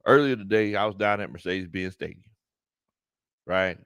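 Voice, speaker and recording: A man hosting a live sports talk stream, animated, laughing often and greeting his chat. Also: sits low, normal speed, clean tone, no echo. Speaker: sports talk show host.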